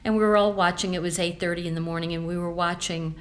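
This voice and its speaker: A chatty woman walks through a scrapbook page by page. Her voice sits a little low, and she rambles warmly with plenty of ums and asides. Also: fairly even intonation, fast talker. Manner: chatty and rambling, with many fillers. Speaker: scrapbooking consultant. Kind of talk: casual show-and-tell vlog.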